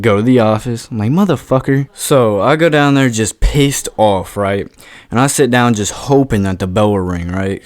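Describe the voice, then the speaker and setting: Young man, storytime vlogger, laid-back, lots of fillers, swears a lot, lowish voice. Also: a little mellow, clear, resonant tone, dry recording. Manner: laid-back, filler-heavy, swears freely, keeps asking "right?". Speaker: YouTuber telling a story. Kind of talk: casual storytime monologue.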